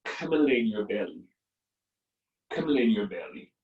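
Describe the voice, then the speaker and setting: A man teaching a live online yoga class, giving calm guiding cues to his students. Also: fairly low pitch, moderate pace, lo-fi sound. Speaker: yoga instructor. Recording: echoey room from far off.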